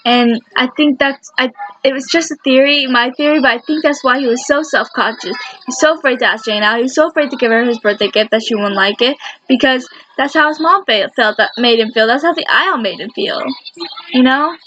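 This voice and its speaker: A woman's voice: sits high, fairly quick, a bit bright. A woman giving a casual fan commentary countdown, rambling and enthusiastic and often correcting herself. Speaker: fan video creator. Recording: dull lo-fi sound with faint noise.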